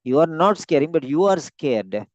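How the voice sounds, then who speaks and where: A man coaching a student, giving rambling spoken feedback with many pauses, heard through dull lo-fi audio. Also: on the high side, lively intonation, no echo. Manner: rambling, many fillers and restarts. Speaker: speaking coach. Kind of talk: spoken feedback on a practice exam.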